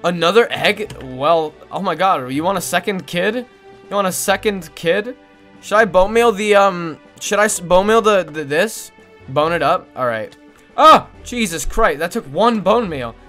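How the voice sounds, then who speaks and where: An excitable woman streamer gives casual gaming commentary, her pitch leaping wildly from squeals of delight to low mumbles. She coos at a pet in a baby voice, with faint game music playing underneath. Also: normal speed. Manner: excitable, swinging between squealing joy and mumbled asides.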